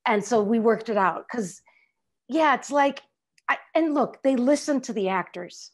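Actress on a video call, middle-aged woman, kinda high voice, lively, acts out what people said. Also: a little slow. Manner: animated, acts out quoted lines with laughs. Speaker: actress guest. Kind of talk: casual interview chat.

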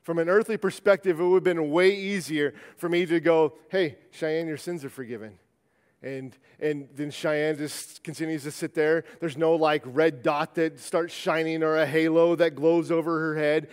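Slightly high-voiced preaching man, church reverb. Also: level tone, normal speed, hardly any pauses, smooth. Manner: conversational preaching with frequent restarts. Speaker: pastor. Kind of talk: sermon. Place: church sanctuary. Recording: long church-hall reverb.

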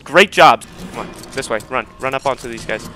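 A young man playing a game with his dad, giving constant orders, swearing and shouting when excited. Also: medium pitch, fairly quick, over music. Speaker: gamer leading his dad.

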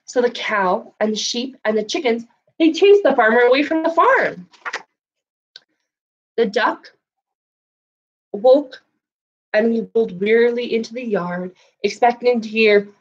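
A woman's voice: on the high side, expressive, takes it slowly, long pauses, highs cut off. Sing-song woman reading to children. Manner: sing-song storytelling, asks children questions. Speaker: children's librarian. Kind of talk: storytime read-aloud and craft lesson. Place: library, indoors.

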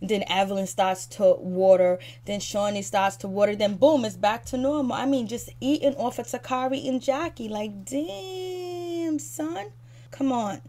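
A woman rants through a reality show recap, addressing the cast directly in a fired-up, critical way. Her voice sits at an ordinary middle pitch for a woman. She keeps circling back with casual fillers. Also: steady tone, normal speed, hardly any pauses, mellow. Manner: repeats fillers like "so anyways" and "you know". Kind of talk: ranting recap commentary.

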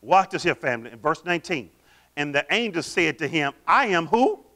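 Animated, high-voiced preaching man. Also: brisk. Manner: animated, quizzes the congregation with call-and-response questions. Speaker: pastor. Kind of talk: sermon.

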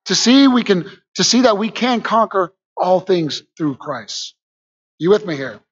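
High-pitched guy preaching hard, calls out to the congregation, kinda muffled recording. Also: unhurried, slightly rough. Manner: energetic, call-and-response with congregation, rises to shouts. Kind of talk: lively sermon. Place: church.

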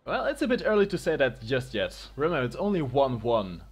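An esports commentator calls a video game match live, his medium-pitched voice swooping wildly up and down. He trades fast, playful, joking banter.

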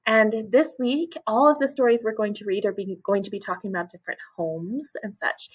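A woman teacher reading a picture book aloud to her class, expressive and stopping to ask questions. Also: medium pitch, a little fast, few pauses, breathy edge, highs cut off. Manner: expressive, asks listeners questions.

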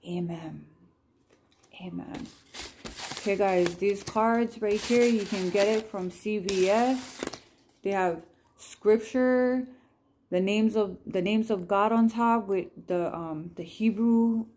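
A woman chatting gently through scripture cards at home, reading verses and prayers aloud and apologizing with a laugh. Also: medium pitch, takes it slowly, a little hiss or hum. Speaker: Christian vlogger sharing scripture cards. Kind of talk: casual devotional chat with read-aloud scripture and prayers.

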